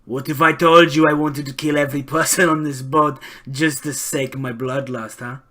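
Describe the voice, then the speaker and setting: A man voicing a hulking, chipped rock-skinned pirate captain who makes slow, mocking threats. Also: on the high side, steady tone, sharp tone. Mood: menacing.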